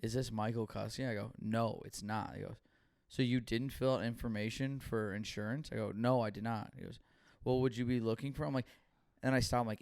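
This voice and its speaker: A man's voice: medium pitch, steady tone, brisk, hardly any pauses, a little mellow. A young man co-hosting a podcast, telling stories in casual chat with lots of swearing and acted-out dialogue. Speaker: podcast co-host.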